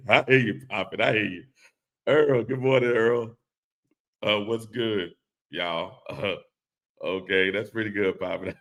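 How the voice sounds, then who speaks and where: A man's voice: low-pitched, moderate pace, fairly bright tone. A man hosting a casual live-stream podcast, reading chat comments aloud and laughing along in a laid-back way.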